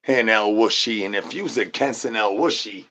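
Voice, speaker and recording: A man's voice: on the low side, normal speed, a bit bright, slight background noise. A man streamer doing an absurd comedic rant, rambling in nonsense with stuttered repeats and sing-song catchphrases.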